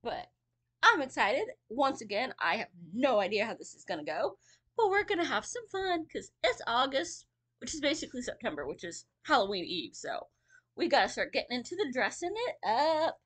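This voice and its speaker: Female storyteller, casual read-aloud with chatty asides, animated delivery. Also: a little high, normal speed. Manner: chatty asides between reading.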